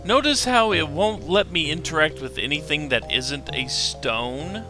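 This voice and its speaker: A man hosting a let's play, explaining the game step by step in a relaxed, casual way. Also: fairly high pitch, measured pace. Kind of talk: casual gameplay commentary. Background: game music.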